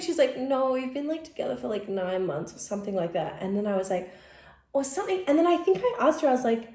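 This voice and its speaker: A woman's voice: on the high side, expressive, brisk, mellow. A young woman co-hosting a podcast, chatting casually and telling stories with lots of giggles. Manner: giggly, emotional storyteller. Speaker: podcast co-host. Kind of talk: casual chat. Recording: echoey room.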